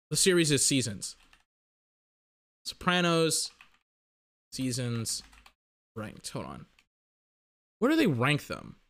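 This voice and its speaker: A man ranting casually to camera about a TV series, rambling and animated, with lots of restarts and fillers. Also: high-pitched. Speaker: vlogger reviewing a TV series.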